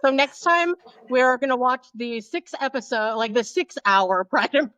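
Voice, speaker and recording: A woman's voice: sits high, lively intonation, a little slow, a bit bright, no room sound. A woman guest on a podcast, talking enthusiastically and at length about a film. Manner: enthusiastic, talkative, laughs easily. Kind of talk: casual chat about a film.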